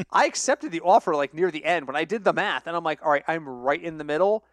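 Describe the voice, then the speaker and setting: A young man co-hosting a casual sports betting podcast, telling stories with lively acted-out quotes and frequent laughter. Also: fairly high pitch, fast, no echo. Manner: animated storyteller, acts out quoted voices, laughs often. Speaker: podcast co-host.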